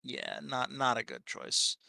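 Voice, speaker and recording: A man chatting casually as co-host of a hobby stream, rambling with many fillers and pausing to search for names. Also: medium pitch, very animated, gravelly, sharp tone, no room sound. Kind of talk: casual chat.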